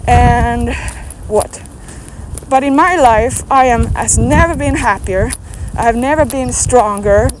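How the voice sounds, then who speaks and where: A woman's voice: on the high side, slow pace, noisy background. A woman fitness coach giving a rambling, emphatic motivational talk outdoors, asking many questions.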